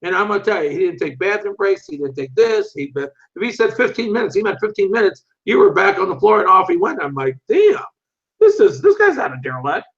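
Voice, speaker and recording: An older man telling lively, animated anecdotes as an interview guest, acting out other people's voices and swearing freely. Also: sits high, quick pace, few pauses. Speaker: interview guest, martial arts instructor. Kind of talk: casual storytelling. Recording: muffled lo-fi recording.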